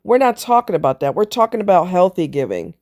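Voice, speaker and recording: Blunt, emphatic woman with a mellow low voice. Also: big pitch swings, fast talker. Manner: blunt, emphatic, preachy, with casual swearing. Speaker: relationship commentator. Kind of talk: opinionated monologue.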